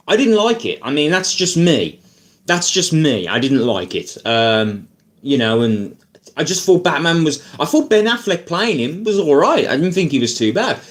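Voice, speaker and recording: A man ranting casually about films as a YouTuber, rambling and animated, full of fillers and asides. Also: medium pitch. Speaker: YouTuber film reviewer. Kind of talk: casual opinion rant.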